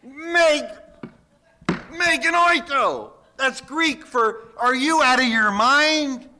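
A man's voice: very high-pitched, takes it slowly, sharp tone, a little hiss or hum. A man, a pastor, preaching a sermon in a folksy, emphatic way with jokes.

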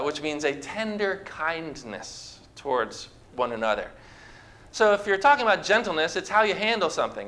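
A man's voice: sits high, sharp tone. A man preaching a sermon to a congregation, talking conversationally and asking the people questions. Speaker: pastor. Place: church with a congregation.

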